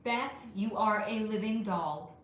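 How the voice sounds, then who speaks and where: A woman's voice: mid-range voice, slow pace, echoey room. A middle-aged woman hosting a casual livestream, reading viewer comments aloud, chatty and affectionate, calling people honey and swearing freely. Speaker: livestream host.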